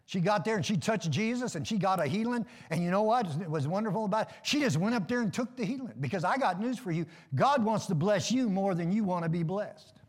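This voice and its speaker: A man's voice: high voice, lively intonation, fairly quick, hardly any pauses, long reverb tail. A middle-aged man preaching a sermon in a folksy, joking way, calling for amens. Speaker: pastor.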